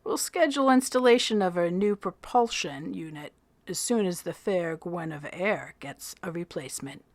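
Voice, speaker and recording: A woman's voice: fairly low pitch, lively intonation, moderate pace, a little mellow, dry recording, natural voice. A woman reading aloud and voicing a small, fiercely clever boy who speaks in formal, dictionary-like words. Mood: lecturing.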